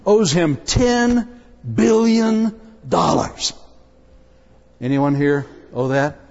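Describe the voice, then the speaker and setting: A man with a high voice speaks extremely slowly as he preaches a humorous sermon, animated and jokey, telling a story and acting out the voices. The recording sounds dull and carries long hall reverb.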